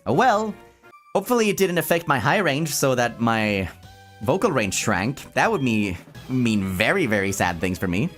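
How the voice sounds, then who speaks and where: A man's voice: medium pitch, very animated, moderate pace, fairly bright tone, faint music behind. A man streaming from home, casually chatting, reading chat aloud and laughing often. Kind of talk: casual chat while gaming.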